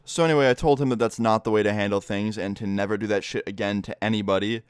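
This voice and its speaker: Young guy ranting thru a storytime vlog, talks fast, crisp dry sound, swears a lot. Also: on the low side, no echo. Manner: animated, profane storytelling. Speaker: YouTuber.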